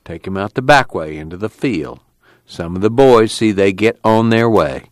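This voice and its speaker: A man's voice: on the low side, normal speed, no room sound, lightly acted. Man voicing a sly okie tough, curt and mocking, dry.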